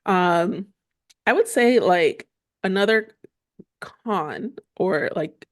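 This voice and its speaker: A woman's voice: medium pitch, lively intonation, extremely slow, dry recording, clean studio sound. A woman co-hosting a family podcast, chatting casually with many fillers and easy laughter. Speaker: podcast co-host. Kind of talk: casual chat.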